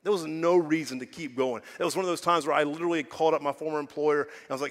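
A middle-aged man preaching in a church sanctuary, talking to the congregation in a relaxed, conversational way. He poses rhetorical questions and moves between hushed, quiet stretches and louder, emphatic lines. His voice carries a long hall reverb. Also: fairly high pitch, very fast, hardly any pauses. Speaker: pastor. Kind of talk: sermon.

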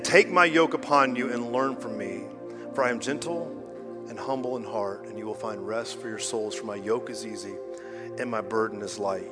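A man, a pastor, preaching to a congregation, swinging from loud emphasis to hushed lows and talking directly to the people. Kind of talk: sermon. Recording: reverberant hall, faint music behind.

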